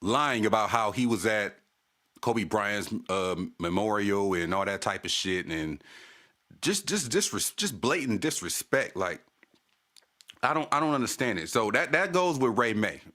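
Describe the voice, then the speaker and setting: A man's voice: lowish voice, very animated, a little slow, sharp tone. Casting note: a male stream host in a heated, profane casual rant, repeating his points. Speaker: channel host.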